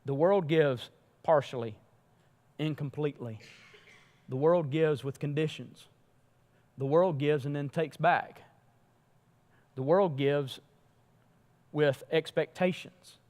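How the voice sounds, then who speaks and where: A man preaching a sermon with a somewhat high voice, pressing points hard and then dropping low. His voice carries a long reverb from a church sanctuary. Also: measured pace, pauses often. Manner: emphatic preaching, rising and falling in loudness. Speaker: pastor.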